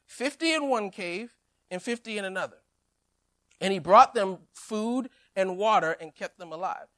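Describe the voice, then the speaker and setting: Man preaching a lively, humorous sermon. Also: high voice, normal speed. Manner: lively storytelling with humor and acted-out quotes. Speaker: pastor.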